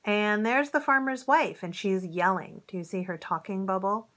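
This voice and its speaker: Gentle woman reading a picture book to kids. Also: medium pitch, animated, moderate pace. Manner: gentle, chatty, talks straight to young listeners. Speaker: storybook reader.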